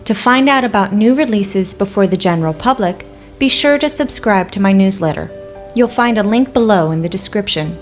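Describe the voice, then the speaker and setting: A woman author reading her own first-person short story aloud in an even, steady way. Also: medium pitch, normal speed, soft background music.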